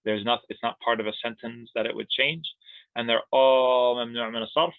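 A man's voice: medium pitch, fairly even intonation, normal speed, no echo. A man teaching Arabic grammar in an online class, explaining in a playful, jokey way. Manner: playful, jokey explanations with laughs and siren sounds. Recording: tinny phone-like line.

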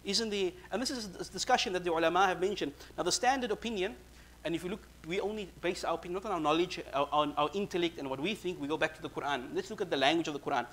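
A man giving a sermon, quickly reciting verses and then explaining them in casual, conversational English. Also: high-pitched, a bit bright. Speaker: Islamic preacher.

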